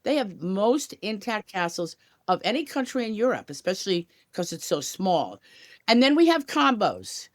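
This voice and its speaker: A woman from a tour company appears as a guest on a travel podcast, giving an enthusiastic interview full of upbeat chatter and casual asides. Her medium-pitched voice swings widely in pitch at a moderate pace. The studio-quality recording has no room sound.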